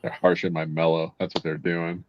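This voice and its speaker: A man's voice: low-pitched, level tone, normal speed, slight background noise. A man, a Marine veteran, joking crudely in casual chat. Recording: dry, dull lo-fi sound.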